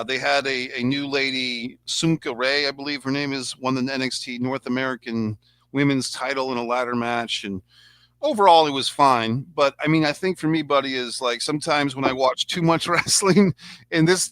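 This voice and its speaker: A man's voice: mid-range voice, fairly even intonation, a little fast, fairly bright tone, clear, resonant tone, no echo. A man hosting a casual review chat, rambling and sarcastic as he talks things through. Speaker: podcast host.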